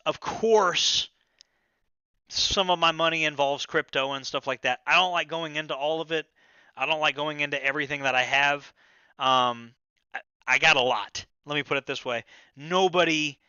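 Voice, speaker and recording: A man's voice: fairly high pitch, bright, forceful tone, smooth, no echo, muffled recording. A man hosting a livestream, chatting casually and loosely, with plenty of swearing and stammered restarts. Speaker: livestream host. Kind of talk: casual rambling livestream chat.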